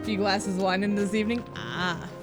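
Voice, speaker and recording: A woman streaming a game and commenting casually, profane and playful, with sudden loud outbursts. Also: mid-range voice, fairly even intonation, moderate pace. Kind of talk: live gameplay commentary. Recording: game music underneath.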